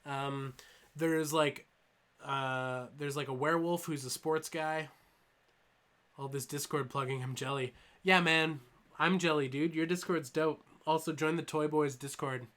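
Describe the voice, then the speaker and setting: A young man hosts a live stream from home in a voice pitched a little high. He rambles in a loose, joking way and leans on ums while he answers chat. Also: steady tone, a little slow, fairly bright tone. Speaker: toy channel host streaming live.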